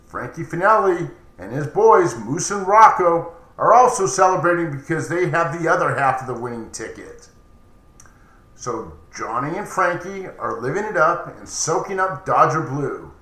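A man's voice: on the high side, normal speed. A man narrating a story in a chatty, casual way as a podcast storyteller. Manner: chatty, animated. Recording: roomy echoey recording.

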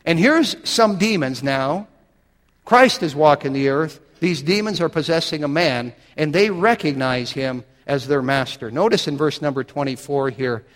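A man's voice: a little high, normal speed, fairly bright tone, in a large hall. A man preaching a sermon, reading scripture aloud and building to dramatic, emphatic swells.

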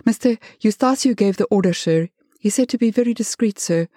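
A jittery young bodyguard, acted by a woman storyteller, stammering and agitated as he explains himself. The tone is husky and warm, recorded dry and close. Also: medium pitch, brisk, no room sound, pitched above the performer's own voice, natural voice. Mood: nervous. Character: nervous stuttering young male bodyguard.

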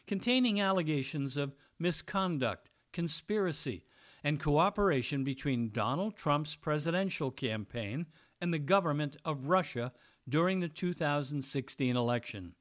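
A man's voice: on the high side, a bit bright. A man giving a mocking, sarcastic opinion monologue as a political commentator.

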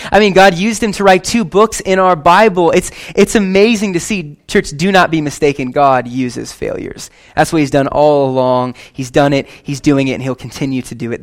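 A young man preaching a sermon to his church in a lively, conversational way, with quick asides and casual slang. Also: a little high. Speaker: pastor.

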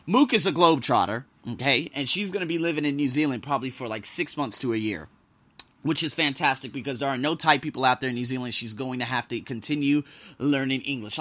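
A lively man hosting a podcast, telling a story with a bright voice and pitch that leaps around. He jumps between loud, excited outbursts and low asides and swears freely. His pitch sits a little above most men's. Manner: profane, excitable. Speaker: podcast host. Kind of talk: casual storytelling monologue.

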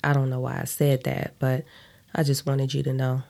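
A woman's voice: rumbling low, completely flat delivery, normal speed, gravelly, a little mellow. A woman reading a first-person story aloud in a blunt, profane way, stopping for side comments.

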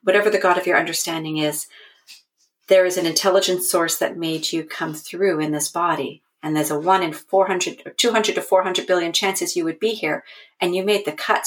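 A woman in her forties, a podcast guest and mentor, telling a story and giving guidance in a calm, earnest, reflective way. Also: lowish voice, a little fast.

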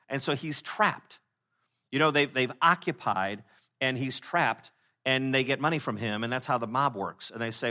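A man's voice: mid-range voice, a little fast, pushed and bright. A male pastor giving a sermon in a loose, conversational way, full of fillers and restarts, now and then acting out the people he quotes. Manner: acts out quoted speakers in short voices.

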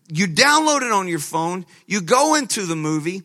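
A man pastor preaching a sermon, telling a lively story with laughter and frequent restarts. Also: high voice, fairly quick, few pauses.

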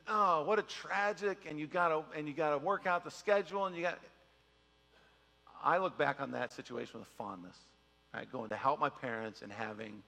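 Middle-aged pastor, high bright voice with gravel, chatty jokey sermon, long church-hall reverb. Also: male voice. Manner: animated, joking, mimics people in quick asides. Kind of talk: conversational sermon.

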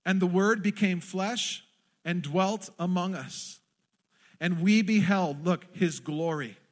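Man, pastor, high voice, impassioned sermon, church congregation. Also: slow. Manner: impassioned preaching, acting out quoted prayers.

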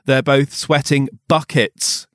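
A man's voice: mid-range voice, level tone, slow, no room sound, studio quality. A man hosting a comic podcast, reading a novel aloud with playful banter and frequent laughter. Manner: playful, breaks into laughter and silly chants.

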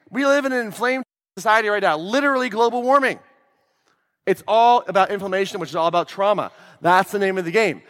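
A man giving a lively seminar talk as a life coach, putting questions to the audience. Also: high-pitched. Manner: energetic, asks the crowd questions. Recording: echoey hall.

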